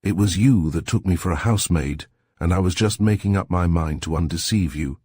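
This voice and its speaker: A man's voice: low voice, fairly quick, a little mellow, dry recording. A man reading the lines of a meek, polite young woman. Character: meek but spirited young woman narrator.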